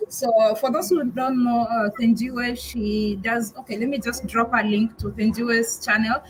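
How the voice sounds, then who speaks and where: A woman's voice: fairly high pitch, fairly even intonation, measured pace, slight background noise, rough recording. A woman from Kenya hosting a casual live-stream chat, speaking frankly with frequent restarts and repeats. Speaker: vlogger host on a live chat.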